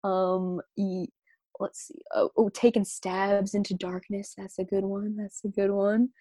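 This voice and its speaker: A woman's voice: mid-range voice, flat delivery, unhurried, mellow, dry recording, studio quality. A young woman from Long Island, chatting casually and playfully, laughing often and full of slang. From Long Island, New York. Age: young adult. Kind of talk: casual chat.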